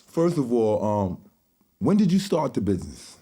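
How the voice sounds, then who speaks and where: A man hosting a podcast, interviewing in relaxed slang and affirming his guest often. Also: medium pitch, normal speed, slight background noise. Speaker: podcast host. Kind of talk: casual podcast conversation.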